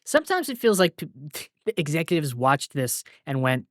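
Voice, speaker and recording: A man co-hosting a film podcast, retelling scenes in an animated way. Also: fairly high pitch, normal speed, no echo, clean studio sound. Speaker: podcast co-host. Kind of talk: casual film discussion.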